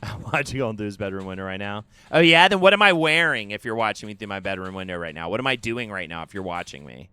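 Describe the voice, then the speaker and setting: A man streaming a game live, talking through it with animated, self-mocking banter. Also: lowish voice, fast talker, few pauses, clean tone. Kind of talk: live gameplay commentary.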